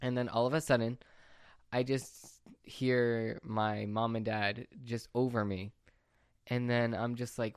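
A man's voice: medium pitch, normal speed, smooth, no echo, studio quality. A young man vlogging, telling a rambling story in casual chat and often correcting himself. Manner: rambling, excitable, self-correcting.

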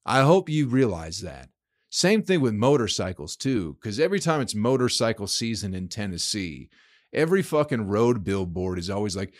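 A man's voice: on the low side, big pitch swings, normal speed. A man hosting a solo podcast, ranting in a heated, profane way. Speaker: podcast host.

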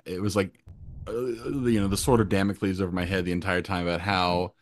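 Loud joking man co-hosting a talk show. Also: low-pitched, no room sound, studio quality. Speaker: co-host. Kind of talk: casual chat.

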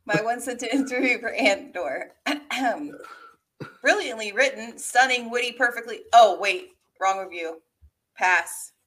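A woman's voice: on the high side, expressive, fairly bright tone. A woman co-hosting a casual review chat, dry and teasing in her remarks. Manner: dry, teasing, drawn-out delivery. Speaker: podcast co-host.

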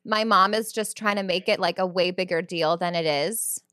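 A woman's voice: on the low side, normal speed, fairly bright tone, clear, resonant tone, no echo, clean studio sound, natural voice. A woman playing a young celebrity daughter on a prank call, offhand and downplaying everything.

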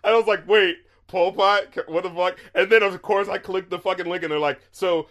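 Guy with a pretty high voice, animated casual podcast chat, laughs a lot, swears. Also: fairly quick. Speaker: podcast co-host.

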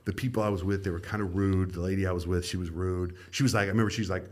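A man's voice: low-pitched, steady tone, racing. A middle-aged man, a radio host, telling stories of his career in a casual podcast chat and acting out the people he quotes.

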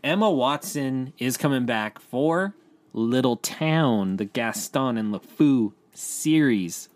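A man co-hosting a casual entertainment news podcast, chatty and quick to restart his sentences. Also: mid-range voice, expressive, no room sound.

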